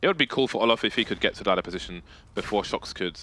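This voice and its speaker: A man's voice: lowish voice, animated, racing, noisy background. A man commentating an esports match play by play, with jokes and banter between the calls.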